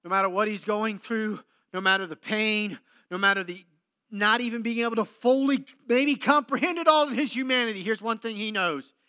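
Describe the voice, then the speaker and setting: A man preaching a sermon, moving between loud emphatic declarations and hushed, low passages with dramatic pauses. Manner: slow deliberate delivery with dramatic pauses. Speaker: pastor.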